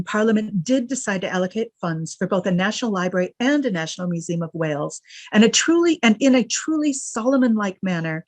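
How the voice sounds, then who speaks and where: A woman giving an academic lecture, reading quotes with lively emphasis and adding wry asides. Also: medium pitch, no room sound. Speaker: guest lecturer.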